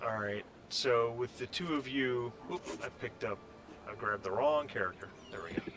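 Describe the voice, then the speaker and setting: A man running a tabletop game as game master, narrating haltingly with many restarts. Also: medium pitch, background noise. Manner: halting, full of fillers and restarts.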